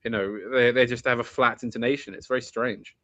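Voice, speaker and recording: A man's voice: mid-range voice, fairly even intonation, fairly quick, bright, forceful tone, no room sound, muffled recording. A man hosting a podcast, chatting casually with a rambling, restart-filled delivery. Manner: rambling, many restarts and asides. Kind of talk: casual chat.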